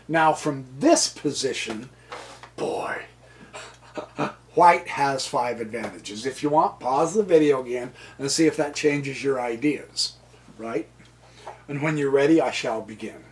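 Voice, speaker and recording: A man's voice: mid-range voice, animated, unhurried. A tired American man giving a casual chess lesson, rambling and joking to himself between points. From United States. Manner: rambling, jokey asides, mutters to himself. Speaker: chess teacher.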